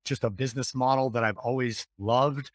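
A man who is a guest on a podcast, talking in an energetic, persuasive way and often repeating words. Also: mid-range voice, moderate pace, no echo. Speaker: podcast guest, business coach. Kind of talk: conversational interview talk.

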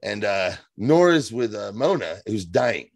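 A man co-hosting a casual podcast, talking in an animated, profane way. His pitch swoops widely, and the sound is dry and close to the mic. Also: unhurried, gravelly, no echo. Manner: animated, profane, reads reviews aloud. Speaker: podcast co-host.

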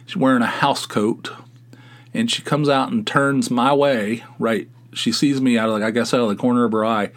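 A middle-aged man hosting a podcast, spinning loose, animated stories from his youth. He rambles and chuckles as he goes, in an unhurried conversational manner. His voice sits at an everyday middle pitch. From West Virginia. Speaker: podcast host. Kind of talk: casual anecdotal storytelling.

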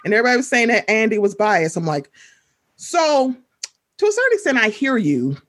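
A woman talking casually on a podcast, her voice a touch husky and fairly high. She tells her stories with big swings in pitch, slipping into other people's voices as she quotes them. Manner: animated, fast storytelling, quoting people in voices. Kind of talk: casual chat.

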